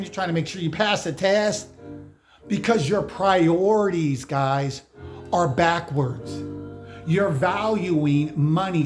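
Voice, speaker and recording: A man giving an emphatic, slangy motivational monologue on spiritual matters, lecturing his viewers directly. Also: sits high. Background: music playing behind.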